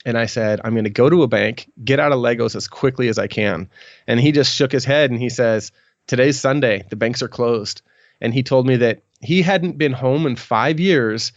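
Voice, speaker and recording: A man's voice: mid-range voice, normal speed, no echo. Middle-aged male guest, rambling storyteller, dry close sound, a little muffled. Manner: rambling, many restarts and ums. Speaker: podcast guest. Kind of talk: storytelling in an interview.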